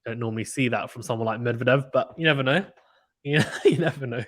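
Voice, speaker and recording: A man streams live tennis commentary from home, talking casually into a desk microphone. He is chatty and excitable, jumping up in voice when a player misses. His pitch sits in an ordinary middle range. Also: fast talker.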